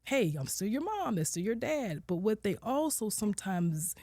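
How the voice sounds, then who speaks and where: A woman in her forties, a social worker, telling her personal story as a podcast guest, candid, acting out her own and her children's words and sometimes dropping to a soft near-whisper. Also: medium pitch, normal speed, dry recording, clean studio sound. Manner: candid, quotes herself and her kids with lively shifts, drops to soft near-whispers. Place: podcast studio.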